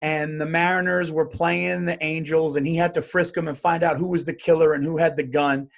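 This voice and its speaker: Profane rambling comedian, higher voice. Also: male voice, brisk, gravelly. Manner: profane, rambling, animated rants. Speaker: comedian podcast host. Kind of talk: solo comedic monologue.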